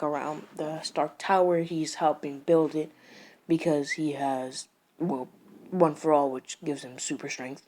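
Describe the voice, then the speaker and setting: A woman's voice: deep voice, dark tone. A woman improvising a casual story, rambling and hesitant with many restarts. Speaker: fan storyteller.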